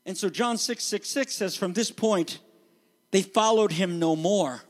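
A man preaching a sermon as pastor, animated and conversational, acting out the voices he quotes. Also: high voice, unhurried, big-room sound.

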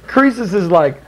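Chatty high-voiced male history teacher. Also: poor audio. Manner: chatty, rambling, many fillers and restarts. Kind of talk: classroom storytelling lecture.

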